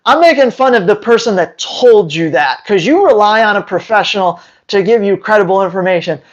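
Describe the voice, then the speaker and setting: A man's voice: sits high, lively intonation, moderate pace, low-quality recording. A dog trainer talking to his viewers in a casual, sarcastic rant, with emphatic, rambling delivery. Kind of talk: casual opinion rant to camera.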